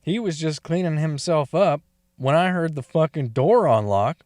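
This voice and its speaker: A man's voice: a little high, expressive, normal speed, darkish tone, no room sound, studio quality. A man telling a story in a casual, crude way, swearing and laughing often between lines.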